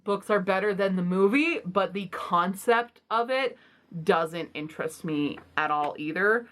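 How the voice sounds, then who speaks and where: A woman's voice: mid-range voice, a little slow, fairly bright tone. A woman book vlogger talking casually and bluntly, with self-deprecating asides. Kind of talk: casual book unhaul vlog.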